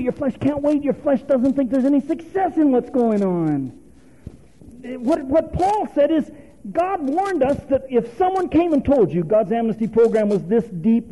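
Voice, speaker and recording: Guy preaching a sermon, real high voice but soft and dark, folksy, keeps asking the congregation stuff. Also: low-quality recording. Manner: folksy and conversational, quizzes the congregation; chuckles often while preaching.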